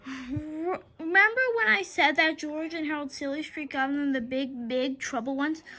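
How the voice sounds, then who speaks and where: Woman reading a children's book aloud, very high, bright tone, animated, with stumbles and restarts. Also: moderate pace. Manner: lively storytelling with frequent stumbles and restarts.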